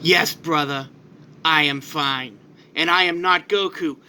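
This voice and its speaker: A man voicing a male warrior torn between his gentle self and a darker side, strained and pleading. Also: a little high, fairly even intonation, slow pace, clean tone, heavily acted. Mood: menacing.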